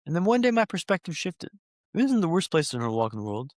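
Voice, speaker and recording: This man, a guest on a podcast, recounts his recovery as a practiced speaker would, addressing the host directly and leaning on repeated phrases for rhythm. His slightly high, somewhat dark voice has a sing-song lilt and a rapid-fire delivery, captured in studio quality with no echo.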